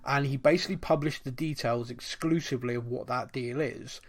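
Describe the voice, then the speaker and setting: A man co-hosting a casual podcast chat, animated and laughing, slipping into quick mock voices. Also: medium pitch. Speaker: podcast co-host.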